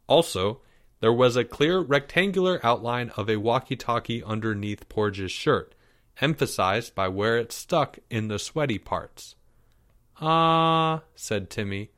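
Slow, measured male storyteller. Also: mid-range voice. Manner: measured, expressive reading. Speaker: narrator. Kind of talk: storybook read-aloud.

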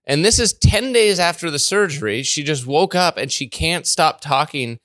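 A man's voice: a little high, expressive, normal speed, a bit bright, no room sound, studio quality. A man hosting a radio show in loose, chatty conversation, full of fillers like "like" and "uh". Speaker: radio host. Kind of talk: casual talk-show chat.

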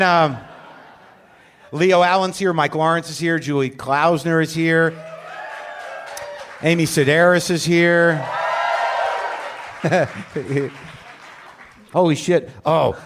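A man's voice: a little high, slow, long pauses, a bit bright, slight background noise. A man hosting a show live on stage, delivering a rambling, self-deprecating comic rant full of profanity. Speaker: podcast host. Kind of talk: live comedic monologue.

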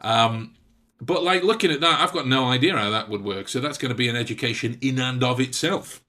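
Man, casual chat, halting speech, mid pitch, rambles with fillers. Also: sharp tone. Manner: rambling, halting, laughs often. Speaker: podcast co-host.

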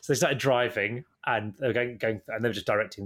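A man's voice: medium pitch, fast talker, few pauses. Rambling man telling stories. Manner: rambling anecdotal, animated when telling stories. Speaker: guest. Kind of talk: casual storytelling interview.

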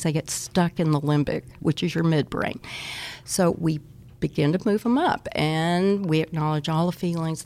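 A middle-aged woman speaks as an early childhood educator in an interview, her voice sitting a little low. She explains with animated conviction and acts out teachers and children, often dropping into soft whispers for the quotes. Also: vocal fry.

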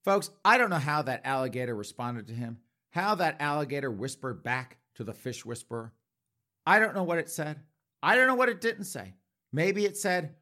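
A man's voice: fairly high pitch, big pitch swings, moderate pace, sharp tone. A man hosting a talk show, delivering a mock-serious comedic monologue with folksy asides to his audience.

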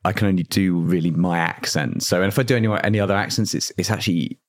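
A man's voice: deep voice, fast. An Irish man co-hosting a podcast with dry, self-deprecating humour. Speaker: podcast co-host. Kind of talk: casual podcast chat.

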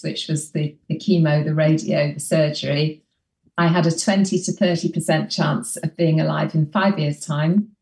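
A woman, an interview guest, recounting her experience in a measured, hesitant way. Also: low voice, a little mellow. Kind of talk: casual interview chat. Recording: echoey, distant mic.

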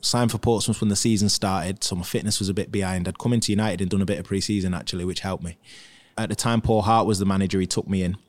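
A man's voice: sits low, quick pace, few pauses. A man, a former professional footballer, chatting casually as a guest about his career and acting out what others said. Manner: chatty, animated, acts out quotes from others. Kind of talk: casual interview storytelling.

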